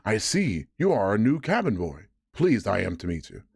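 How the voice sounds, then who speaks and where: A man voicing a hearty, scheming one-legged pirate tavern keeper in a bedtime story reading, loud and blustering. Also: lowish voice, huge pitch swings, moderate pace, vocal fry, breathy edge, no echo, clean studio sound, exaggerated voice.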